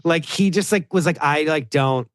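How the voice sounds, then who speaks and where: A man's voice: a little high, normal speed, no echo, studio quality. A man chatting casually as a podcast guest, rambling with many "like"s and acting out what others said. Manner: rambling, heavy use of "like", animated quoting of others. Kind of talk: casual chat.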